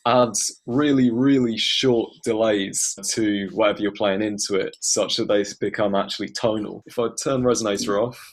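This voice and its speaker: A low-voiced man walks through his production process in a thoughtful, unhurried way. He hedges often and leans on filler words as he explains how he works by ear. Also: steady tone, a little hiss or hum. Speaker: guest music producer.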